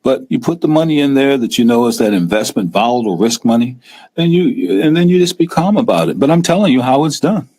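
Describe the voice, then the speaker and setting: A middle-aged man hosting a casual live-stream talk show, animated and often acting out scared investors in a raised voice. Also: medium pitch, fast. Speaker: host.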